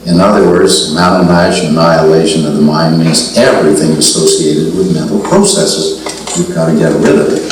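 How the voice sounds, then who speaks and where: A man's voice: low-pitched, fairly even intonation, moderate pace. An older man giving a seminar talk, telling a personal story in a reflective way, often repeating phrases and acting out the dialogue he quotes. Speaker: seminar speaker. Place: meeting room at a spiritual center. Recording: very echoey room, mic far off, faint hiss.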